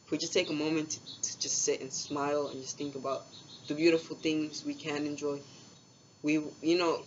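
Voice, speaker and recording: A man's voice: fairly high pitch, flat delivery, normal speed. Laid-back slangy young man, lo-fi. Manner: laid-back slangy talk, heavy swearing and fillers. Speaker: spiritual vlogger. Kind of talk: casual rambling storytelling. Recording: dull lo-fi sound with faint background hiss.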